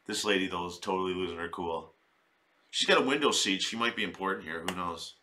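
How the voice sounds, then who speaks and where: A man doing comic reaction commentary in a rambling, profane style. His voice sits low, and it has a bright, forceful edge to it. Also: fairly quick, slight background noise. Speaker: video commentator.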